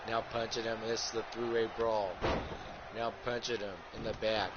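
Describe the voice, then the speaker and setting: A man's voice: lowish voice, flat delivery, normal speed. A man hosting a wrestling video game livestream, calling the action like a ringside announcer with crude rhyming jokes and constant "folks". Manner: ringside announcer patter, keeps saying folks. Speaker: host and wrestling commentator. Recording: muffled lo-fi with clear background hiss.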